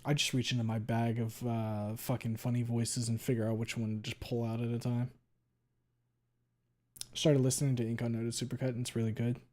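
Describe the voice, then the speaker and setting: A male streamer chatting casually with viewers, talking quickly and running words together, with a lot of swearing. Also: medium pitch, little pitch movement, dark tone. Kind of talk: casual chat reading viewer messages.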